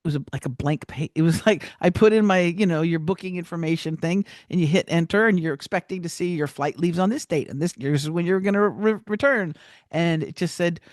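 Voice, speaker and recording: A woman telling a personal story as a podcast guest, animated, with many restarts and acted-out quotes. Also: on the low side, fairly quick, dry recording, clean studio sound.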